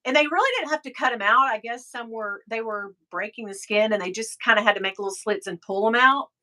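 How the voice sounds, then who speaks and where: Bright-voiced middle-aged woman, chatty. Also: a little high, a little fast. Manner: chatty, storytelling, reading out viewer comments. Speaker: livestream host. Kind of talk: casual live chat.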